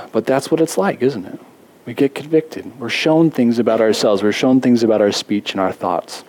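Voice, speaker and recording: A man preaching a sermon as a pastor, talking in a conversational way with self-deprecating jokes and lively asides. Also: mid-range voice, moderate pace.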